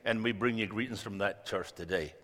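A man in his fifties, a guest preacher giving a sermon in a church, joking and telling stories with big swings in loudness. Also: on the low side, fairly quick. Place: church sanctuary. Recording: long reverb of a church hall.

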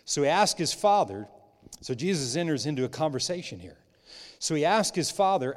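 Middle-aged pastor preaching in a reverberant hall. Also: male voice, lively intonation, moderate pace. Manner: swings between loud emphatic bursts and quiet, low asides; conversational, with frequent restarts. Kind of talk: sermon. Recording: long reverb of a large hall.

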